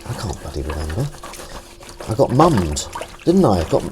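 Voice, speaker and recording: A low-voiced Englishman live-streams from his home kitchen while washing up at the sink, his pitch leaping up and down as he rambles at a moderate pace. Very animated, he reads viewer comments aloud and swears casually. Faint running water and clinking dishes form the background noise.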